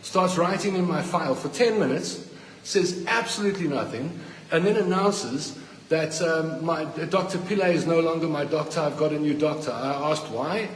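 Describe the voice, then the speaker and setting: An indignant man rants bluntly into a handheld phone, his voice sitting a little high. He is recorded inside a hospital ward where the sound rings and lingers in a long, hollow reverb, and faint noise stays underneath. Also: normal speed. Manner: indignant, blunt, repeating himself when worked up. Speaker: hospital patient. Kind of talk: angry phone-video rant. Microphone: phone held by the speaker.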